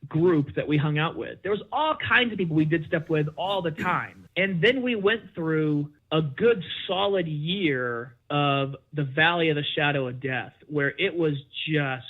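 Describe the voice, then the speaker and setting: A man talking as a podcast guest, telling a personal story in an animated, emphatic way and acting out the dialogue. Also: a little high, unhurried, hardly any pauses. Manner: animated, emphatic, acts out dialogue in his stories. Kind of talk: conversational storytelling. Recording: dull lo-fi sound.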